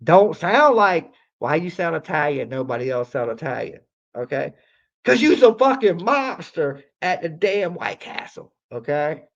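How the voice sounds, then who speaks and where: Guy ranting on a late night stream, kinda high voice, cussing, says like a lot, muffled mic. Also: big pitch swings, measured pace, gravelly. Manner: profane, rambling, repeats himself, heavy use of "like". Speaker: livestream host. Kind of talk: casual live-stream storytelling.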